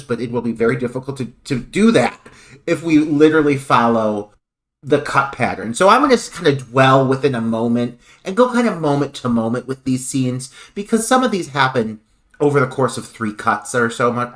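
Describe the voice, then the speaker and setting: A man's voice: medium pitch, sing-song, moderate pace. A man co-hosting a film podcast who recaps scenes analytically and laughs often. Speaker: podcast co-host. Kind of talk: casual film review chat.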